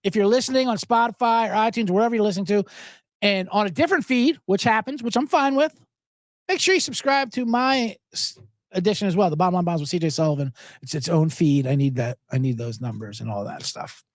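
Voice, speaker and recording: A man hosting a podcast, chatting casually and rambling through stories, acting out other people's lines in loud, higher voices. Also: a little fast, no room sound, clean studio sound. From South Jersey, USA. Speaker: podcast host. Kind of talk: casual chat.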